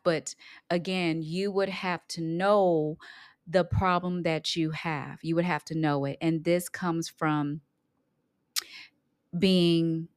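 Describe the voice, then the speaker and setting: A middle-aged woman, an emotional intelligence coach, talking on her own podcast, unhurried, repeating her points for emphasis. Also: on the low side, a little mellow, clean tone, no echo, clean studio sound. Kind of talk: solo podcast talk.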